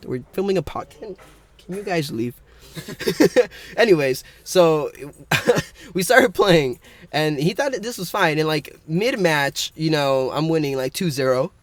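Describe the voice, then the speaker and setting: A young man co-hosting a casual podcast, rambling through a story and laughing often. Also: fairly high pitch. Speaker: podcast co-host.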